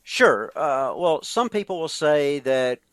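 Dude explaining his ideas earnestly, kinda high voice, lotta ums, dry close sound. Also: expressive, slow, fairly bright tone, dry recording. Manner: earnest, explaining with many fillers. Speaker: guest author. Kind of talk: conversational interview.

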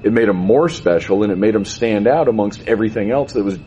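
A man hosting a casual chat, talking in a reflective and measured way. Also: lowish voice, warm tone, dull audio, slight background noise.

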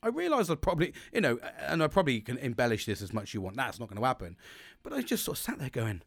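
Man, rapid-fire talk, rambling anecdote, cursing, acts out quotes, dry close sound. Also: medium pitch, wildly swooping pitch, vocal fry, no echo. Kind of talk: casual storytelling monologue.

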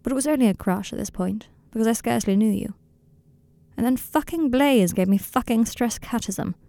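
A woman voicing an earnest, tender young male wizard in an audiobook reading of a fan story, speaking in a softly confiding, slightly rambling way. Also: a little high, normal speed, gravelly, dry recording. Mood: wry.

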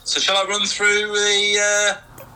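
A man hosting a casual podcast, teasing out results with suspenseful pauses. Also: high-pitched, completely flat delivery, noisy background. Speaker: podcast host reading league results. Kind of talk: casual banter.

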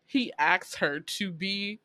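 A woman casually recapping a drama episode, animated and laughing as she acts out the characters' lines. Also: mid-range voice, slow pace, no room sound. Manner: animated storytelling, laughing often, acting out lines. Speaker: podcast co-host recapping a drama. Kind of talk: casual chat.

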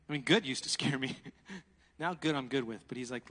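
A man preaching a sermon, animated and laughing, swinging between loud exclamations and hushed asides. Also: medium pitch, fast, long reverb tail.

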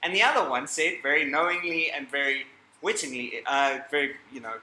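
A man's voice: a little high, fairly quick, bright, forceful tone, a little hiss or hum. A man giving a talk to a live audience, chatty and joking, breaking off mid-sentence and laughing at his own asides. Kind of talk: lively lecture to a live audience. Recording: echoey hall.

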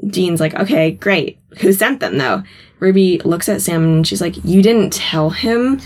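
A woman's voice: lowish voice, animated, a little slow, darkish tone. A woman co-hosting a podcast, casually recapping a TV episode and acting out the characters' lines as she goes. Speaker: podcast co-host.

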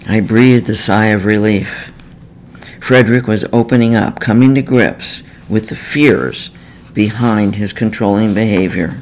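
A man, a therapist, reading a self-help book in a measured, earnest and gentle way. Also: on the low side, slight background noise, rough recording. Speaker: therapist author. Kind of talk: scripted self-help narration.

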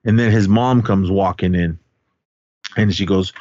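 A man with a lowish voice talks through a film's plot in a loose, rambling way, stumbling over restarts and uh's. The audio is dull and dry, with no room sound. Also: fairly even intonation, normal speed, dry recording. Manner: rambling, full of fillers and restarts. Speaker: podcast co-host. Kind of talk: casual movie recap.

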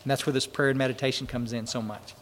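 A man's voice: medium pitch, flat delivery, fast talker, in a large hall, a little hiss or hum. A man answering questions at a recovery meeting, talking in an emotional, rambling, folksy way.

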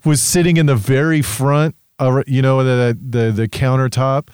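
A man's voice: medium pitch, steady tone, moderate pace, darkish tone, clear, resonant tone, dry recording, studio quality. A man co-hosting a podcast, telling stories in a rambling, stop-start way and swearing casually. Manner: rambling storyteller, lots of fillers and restarts, swears. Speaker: podcast co-host.

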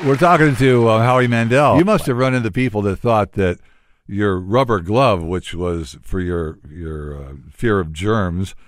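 A man's voice: lowish voice, unhurried, crowd noise, noisy background. A man hosting a casual interview, asking hesitant questions with many fillers. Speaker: podcast host.

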